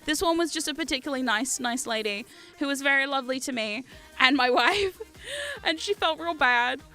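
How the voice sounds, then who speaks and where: A young woman with a New Zealand accent, chatting casually as a livestream host, animated and quick to swear and laugh. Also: high voice. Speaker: streamer.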